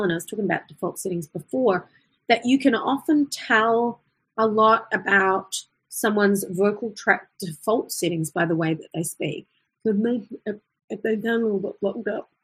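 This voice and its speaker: A woman's voice: medium pitch, husky. A woman teaching an online voice lesson, explaining in a chatty way with fillers and self-corrections.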